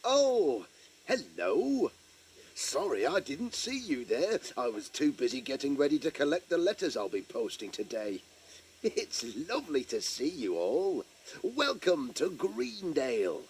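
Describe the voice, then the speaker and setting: A man's voice: a little high, sing-song, a little slow, a little mellow, a little hiss or hum. An actor playing a cheerful, chatty village postman who tells a children's story and talks straight to young listeners. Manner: chirpy, chatty, addresses young listeners directly. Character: cheerful friendly village postman, adult man. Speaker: storyteller in character. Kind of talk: children's audio story narration.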